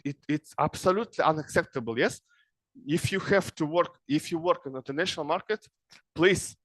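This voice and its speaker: A middle-aged man from Kazakhstan gives an informal lecture in broken English. His voice sits somewhat high for a man. The recording is dry and close, and he keeps tagging "yes?" onto his points. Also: fairly bright tone, dry recording. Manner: broken English, frequent "yes?" tag questions. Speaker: speaker advising young people.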